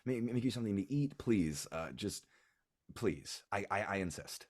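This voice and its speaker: A man's voice: fairly low pitch, lively intonation, moderate pace, darkish tone. A man voicing a doting, fussy middle-aged Harengon rabbit-folk mother in a tabletop game. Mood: fussing.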